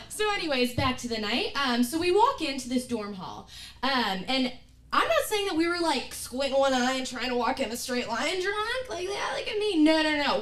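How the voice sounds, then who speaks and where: Young woman, comic storyteller, high and lively, roomy distant stage sound. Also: slight background noise. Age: young adult. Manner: animated, acts out scenes with loud yells. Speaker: student performer. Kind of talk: stand-up storytelling. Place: acting studio stage.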